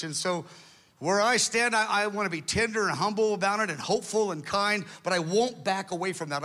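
An earnest male preacher with a bright, forceful voice that sits a little high. He retells a story with quoted dialogue and presses his point with intensity. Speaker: pastor. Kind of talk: sermon storytelling.

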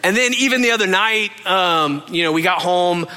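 A man's voice: high voice, normal speed, sharp tone, clean tone, some chatter behind. A man preaching a conversational sermon as a pastor, earnest and confessional, speaking straight to his listeners.

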